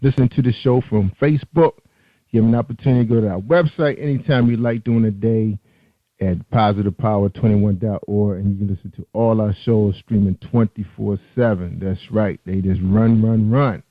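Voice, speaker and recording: A man's voice: on the low side, fairly even intonation, brisk. A male radio host talks in a loose, chatty way and catches his own slips as he goes. His voice comes through thin and tinny, like a phone line. There is no room echo at all. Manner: loose, chatty delivery with self-corrections. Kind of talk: online radio interview.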